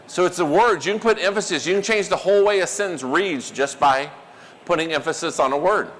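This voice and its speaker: A man giving a live workshop talk, animated and quizzing the audience. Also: a little high, a little fast, big-room sound, slight background noise. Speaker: workshop presenter.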